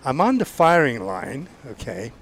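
Older Southern US podcast guest, storyteller, stammers and restarts, voice in the middle range. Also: male voice, medium pitch, sing-song, a little slow. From Georgia, US. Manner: rambling, stammering restarts, sound effects. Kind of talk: casual storytelling.

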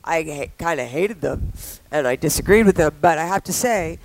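A woman's voice: deep voice, lively intonation, normal speed, darkish tone, slight background noise, low-quality recording. A woman hosting a talk show, talking in a playful, bawdy, teasing way with callers. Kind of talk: casual radio show chat.

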